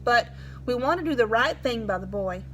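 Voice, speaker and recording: A woman's voice: on the high side, lively intonation, brisk, a bit bright, a little hiss or hum, poor audio. A woman reading aloud as an anxious, humble farmer who answers the sheriff nervously and respectfully. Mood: pleading. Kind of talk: storybook read-aloud.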